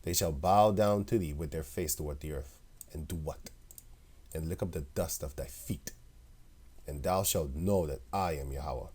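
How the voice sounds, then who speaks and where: A man with a deep, low voice preaching to an online audience. He reads scripture aloud and breaks into loose, chuckling commentary between the verses. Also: moderate pace, darkish tone, husky.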